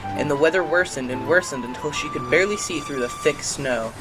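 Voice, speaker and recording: A narrator telling a children's toy-train story in an expressive, storybook manner. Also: medium pitch, fairly quick, over music, poor audio.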